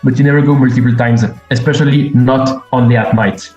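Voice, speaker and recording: A man with a French accent gives blunt, matter-of-fact commentary, speaking at a steady mid pitch. The recording is dull and muffled, and his voice echoes in the room. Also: brisk, soft background music. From France. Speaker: cultural consultant.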